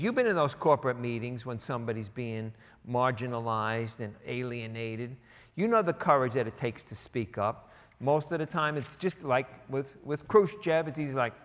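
A man preaching a sermon in a relaxed, conversational way, acting out quoted lines with sarcastic voices. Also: medium pitch, long reverb tail. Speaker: pastor.

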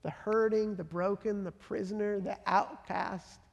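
A pastor preaching a sermon with passion, swinging from loud emphatic bursts to soft hushed lines. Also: medium pitch, fairly even intonation, a little slow, creaky. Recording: long hall reverb.

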